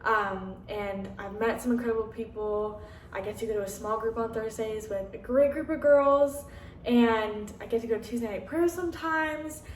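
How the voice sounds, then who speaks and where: A woman's voice: fairly high pitch, normal speed, a little hiss or hum. A young woman vlogging casually from her apartment, chatty and full of "like" and fillers, acting out conversations as she tells them. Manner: chatty, many fillers and "like", acts out quoted dialogue. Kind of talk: candid casual chat. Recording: roomy echo, slightly distant mic.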